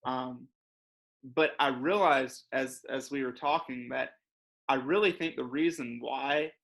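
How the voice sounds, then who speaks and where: A man's voice: medium pitch, unhurried, creaky, a bit bright. A young man co-hosting a church podcast, chatting casually and rambling, with lots of fillers and laughs. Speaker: co-host.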